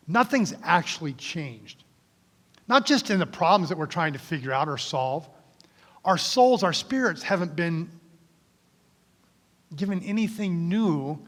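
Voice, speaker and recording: Slow-speaking pastor in a reverberant church. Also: male voice, fairly high pitch. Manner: conversational, drops to a soft whisper in prayer. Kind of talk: sermon. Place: church sanctuary.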